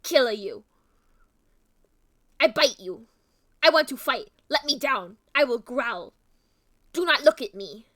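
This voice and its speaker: A woman's voice: sits high, lively intonation, takes it slowly, long pauses, a bit bright, heavily acted. A woman voicing a tiny female puppy who talks in broken baby-talk. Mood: grumpy. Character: tiny female puppy, cuddly but feisty.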